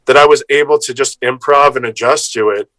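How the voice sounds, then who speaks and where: Man, improv guest, bright voice, dry close mic, animated casual storytelling. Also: mid-range voice, brisk, dry recording, rough recording. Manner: lively storyteller, acts out others' lines, swears casually. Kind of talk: casual anecdote telling.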